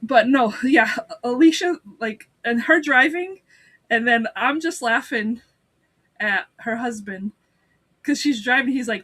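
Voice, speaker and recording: A woman's voice: a little high, normal speed, a bit bright. A woman co-hosting a podcast who laughs often, swears and acts out quotes while recapping an episode on a video call. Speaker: podcast co-host. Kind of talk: casual recap chat.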